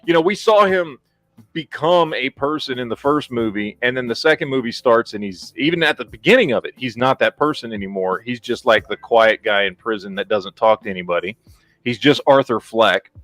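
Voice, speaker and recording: A man's voice: medium pitch, animated, brisk, a bit bright, dry recording. A man hosting a casual podcast, ranting bluntly and swearing freely. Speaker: podcast host.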